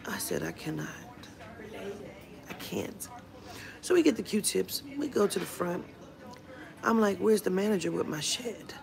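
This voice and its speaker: A woman's voice: medium pitch, expressive, moderate pace, vocal fry, crowd noise. A woman vlogger telling a storytime rant in a blunt, profane way. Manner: blunt and profane, retelling a run-in. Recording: music playing under the voice.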